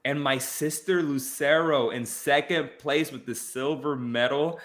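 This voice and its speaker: A man hosting a casual film podcast, animated and repeating phrases for emphasis. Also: on the high side, a little slow, few pauses. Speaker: podcast host. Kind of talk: casual chat.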